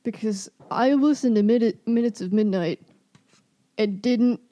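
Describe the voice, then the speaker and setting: A woman's voice: on the high side, unhurried, mellow, lo-fi sound. A woman co-hosting a podcast, chatting casually about music in an offhand, swearing, laughing way. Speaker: podcast co-host.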